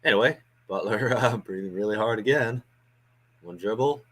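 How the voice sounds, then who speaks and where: Male fan host, lower register, loose chatty play-by-play with filler words. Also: normal speed, a bit bright. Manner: chatty, thinks aloud with frequent ums and uhs. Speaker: watch-along host doing play-by-play. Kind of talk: casual live play-by-play commentary. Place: home watch-along stream.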